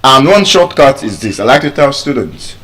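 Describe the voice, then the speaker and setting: A man's voice: mid-range voice, big pitch swings, a bit bright, breathy edge. Nigerian man teaching English pronunciation. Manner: repeats words slowly to model pronunciation. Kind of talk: spoken English lesson.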